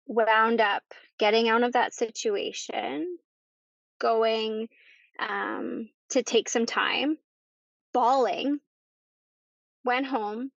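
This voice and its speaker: Gravelly-voiced woman with a halting manner. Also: fairly high pitch, steady tone, no room sound. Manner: halting, with many pauses and repeated words. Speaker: podcast guest. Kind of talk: personal story in conversation. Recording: dull lo-fi dry recording.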